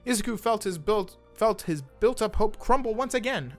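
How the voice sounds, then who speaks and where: A man's voice: high voice, normal speed, hardly any pauses, faint music behind. A young man reading fan fiction aloud in a casual way, stumbling over words and adding asides. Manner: animated, stumbles over words, laughs at the text.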